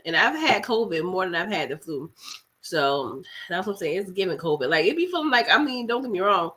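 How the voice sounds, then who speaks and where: A young woman with flu, hoarse and congested, casually chatting with live-stream viewers while eating, slangy with laughing asides. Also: on the low side, very animated, a little fast, a bit bright.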